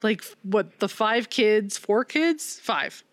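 A woman co-hosts a laid-back film review podcast, rambling and swearing as she tears into the plot and mocks bad accents. Her voice sits at a medium pitch with lively intonation, and she speaks slowly. The recording is dry and studio quality.

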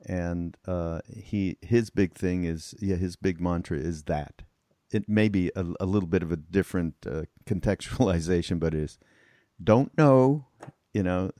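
Deep-voiced podcast host, dry sound. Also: male voice, steady tone, warm tone, no room sound. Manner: halting, many fillers and restarts. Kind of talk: interview conversation.

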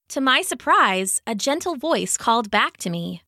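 A woman gently narrating a children's bedtime story with expressive delivery. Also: fairly high pitch, moderate pace, no echo, clean studio sound.

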